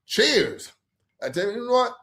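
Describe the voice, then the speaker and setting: Dude ranting on a late-night phone livestream, pitch all over the place, cussing and rambling. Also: male voice, normal speed. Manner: profane, rambling and animated. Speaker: livestream host.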